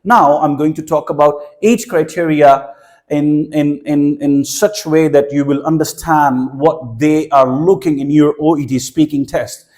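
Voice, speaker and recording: A man with a Pakistani accent and a notably high speaking voice gives an exam-prep lesson. He explains methodically, restating points and sometimes stumbling over repeated words as he works out his phrasing. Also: steady tone, measured pace, a little mellow. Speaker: exam tutor. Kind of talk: teaching lecture.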